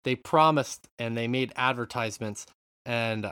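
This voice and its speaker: Brief: male podcast host, mid-pitched, dry close sound, chatty and animated. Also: measured pace, clean tone, no echo. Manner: animated, swears freely, rambling asides. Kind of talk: casual chat.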